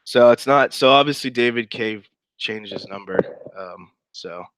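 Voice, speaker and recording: A man's voice: mid-range voice, unhurried, a bit bright, smooth, no room sound, rough recording. A man giving casual, sarcastic commentary while reading through a chat log aloud, with wry asides.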